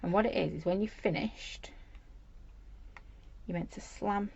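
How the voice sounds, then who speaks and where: A woman's voice: medium pitch, a little slow, vocal fry. A chatty woman from Britain, rambling cheerfully while she demonstrates a journal craft project on a live stream. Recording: dull lo-fi livestream audio with faint noise.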